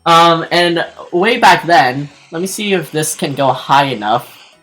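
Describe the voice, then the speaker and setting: Woman, casual stream chat, rambling with fillers and restarts, bright tone, faint background music. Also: low-pitched, expressive, a little slow. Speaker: streamer and artist.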